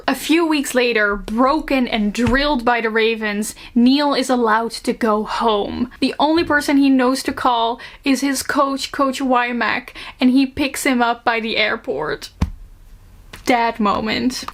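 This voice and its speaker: A woman reviewing books casually, reading excerpts aloud, gushing and self-mocking and often laughing. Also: a little high. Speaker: book reviewer.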